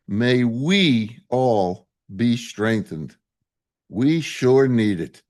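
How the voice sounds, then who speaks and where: A man's voice: medium pitch, expressive, drawn-out words, a little mellow. A male rabbi giving an impassioned, indignant sermon with emphatic, repeated phrases.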